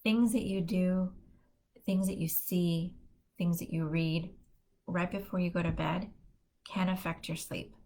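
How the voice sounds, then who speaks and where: A woman's voice: on the low side, steady tone, a little slow, long pauses, mellow. A middle-aged woman hosting a casual live stream, telling family stories in a chatty way and laughing often as she talks. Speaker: host of a positivity live stream.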